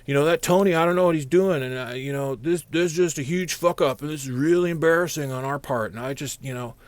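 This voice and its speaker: A man voicing a crude middle-aged male concessions boss who swears loudly and then smooth-talks. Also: a little high, fast, dry recording, pitched above the performer's own voice, natural voice. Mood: flattering. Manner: loud, profane, then smooth-talking.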